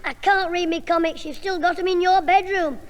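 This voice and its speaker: An actor playing a cheeky, wisecracking young schoolboy, in a vintage radio comedy. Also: male voice, very high voice, steady tone, fairly quick. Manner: cheeky backchat. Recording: old broadcast with hall reverb and faint hiss.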